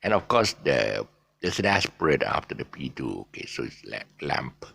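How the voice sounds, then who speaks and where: A middle-aged man with a Malaysian English accent gives a casual pronunciation lesson. His voice is very deep and gravelly, and his pitch swings widely as he repeats example words in a chatty, easygoing way. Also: very animated, normal speed, a bit bright.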